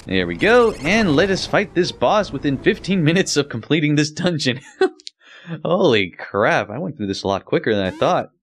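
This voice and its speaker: A man's voice: a little high, big pitch swings, normal speed, a little hiss or hum, rough recording. A young man giving casual, profane gameplay commentary with laughing asides. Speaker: let's play commentator. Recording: game music under the voice.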